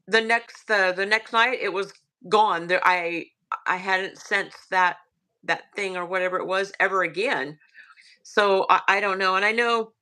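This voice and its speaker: A woman with a Southern US accent casually recounting a ghost story, hushed and halting with many fillers. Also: medium pitch, clean tone.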